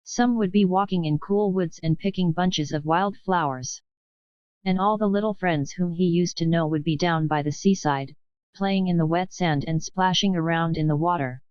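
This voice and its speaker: A woman narrating a children's audiobook in a measured, expressive reading. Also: lowish voice, clean tone, no echo, dull audio. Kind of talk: scripted storybook narration.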